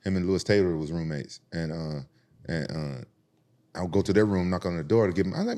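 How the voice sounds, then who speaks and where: A man, from Memphis, tells a story in a casual podcast chat. His voice sits very low and he talks quickly. He is animated and profane and acts out the other voices in his stories. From Memphis, United States. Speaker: podcast host telling stories.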